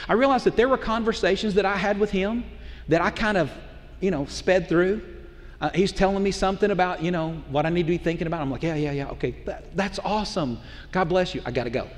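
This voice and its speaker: Middle-aged male pastor, high-pitched, talks with the congregation like a friend; sanctuary echo. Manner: conversational preacher, asks the crowd rhetorical questions. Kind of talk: sermon. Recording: long hall reverb.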